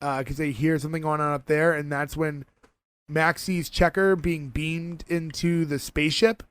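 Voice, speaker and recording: Podcast co-host, man, casual and animated, retelling scenes. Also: a little high, normal speed, smooth, no room sound. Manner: animated, lively retelling with many fillers. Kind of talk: casual chat recapping a TV episode.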